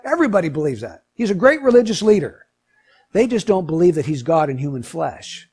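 With a husky, fairly high voice that ranges widely in pitch, a male pastor preaches in a brisk, sing-song style. His animated sermon climbs to emphatic peaks, then drops back low and quiet.

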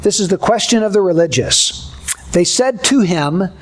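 A male pastor preaching a sermon in a measured, deliberate way, building repeated contrasts. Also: high voice, animated.

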